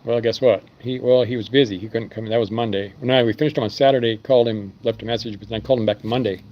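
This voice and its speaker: A man's voice: mid-range voice, fairly even intonation, fast talker, muffled recording, slight background noise. A man who runs an engine machine shop, rambling through stories in a casual live stream. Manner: rambling storytelling with fillers.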